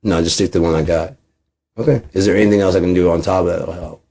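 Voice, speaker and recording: A man's voice: low voice, steady tone, quick pace, creaky, dark tone. A man rambling in a casual monologue, profane, acting out both sides of imagined conversations. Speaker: channel host.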